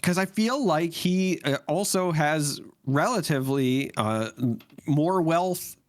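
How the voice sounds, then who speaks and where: A man's voice: fairly high pitch, slow pace, no echo. A young adult man co-hosting a podcast, chatty and wry, with lots of likes in casual chat. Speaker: podcast co-host.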